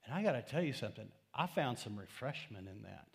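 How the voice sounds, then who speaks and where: Man, pastor, mid-pitched voice, conversational sermon, storytelling asides, church. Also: big pitch swings, fast, creaky, breathy edge. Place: church sanctuary.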